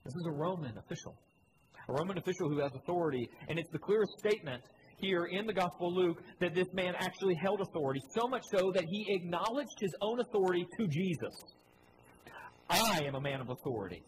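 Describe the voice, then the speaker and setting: Animated man preaching with slides. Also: fast talker, background noise. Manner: animated, swings between loud emphatic lines and low quiet ones; asks the audience questions and repeats key phrases. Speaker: pastor. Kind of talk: sermon with slides.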